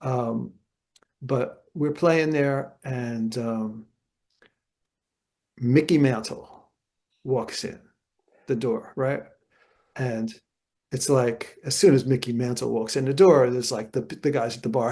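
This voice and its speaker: Older man telling gravelly, animated stories. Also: mid-range voice, slow, pauses often. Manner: animated anecdotes, acts out voices. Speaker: guest jazz guitarist. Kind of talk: storytelling interview.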